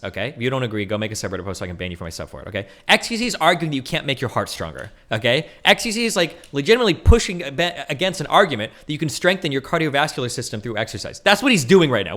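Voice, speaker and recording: A fast-talking man commentating on his livestream. He argues heatedly and swears freely, and his pitch swings widely as he drops into mocking voices. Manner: fast, heated, profane arguing with animated mock voices. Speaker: streamer reacting to a debate.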